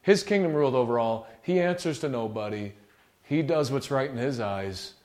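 A man preaching a sermon, rebuking forcefully and reading scripture with emphasis. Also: mid-range voice, animated, normal speed.

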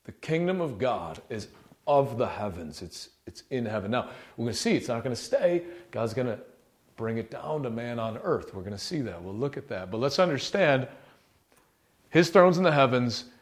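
A man preaching a sermon, rebuking forcefully and reading scripture with emphasis. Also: mid-range voice, very animated, normal speed.

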